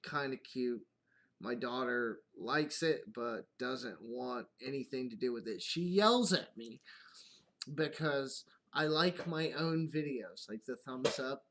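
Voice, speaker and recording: A man's voice: mid-range voice, takes it slowly, a bit bright, slight background noise. Casual man chatting on a live stream. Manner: rambling, swears freely, laughs at own stories. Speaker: YouTube channel host.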